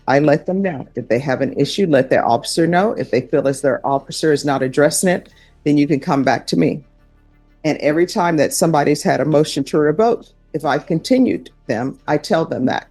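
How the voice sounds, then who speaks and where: A woman's voice: deep voice, darkish tone, breathy edge. Firm, methodical woman judge. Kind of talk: questioning from the bench. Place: courtroom.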